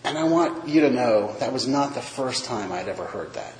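A man's voice: mid-range voice, expressive, normal speed, hardly any pauses, darkish tone, a little hiss or hum. Self-mocking man telling a story in an echoey hall. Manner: self-mocking, acts out quoted voices. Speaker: speaker sharing his recovery story. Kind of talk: recovery meeting talk, storytelling.

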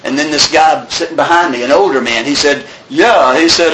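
A man telling his recovery story, earnest, with many restarts, dropping his voice low on the sad parts. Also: moderate pace, hardly any pauses, a bit bright, reverberant, slight background noise, poor audio. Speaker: recovery meeting speaker.

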